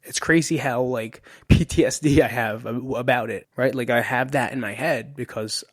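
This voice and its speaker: A man's voice: medium pitch, moderate pace, dry recording. A man at a studio microphone tells a personal story for his podcast, loose and profane. He acts things out with punchy sound effects, in an ordinary mid-range voice. The sound is dry and close. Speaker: podcast host. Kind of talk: storytelling monologue.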